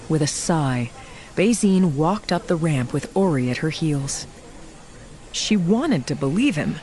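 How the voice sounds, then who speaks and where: Audiobook narrator, scripted narration, measured, mid-pitched.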